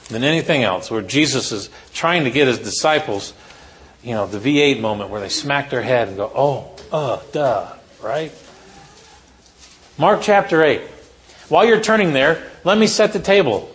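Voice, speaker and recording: A man preaching a sermon to teachers, telling a story with rhetorical questions and lively asides. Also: mid-range voice.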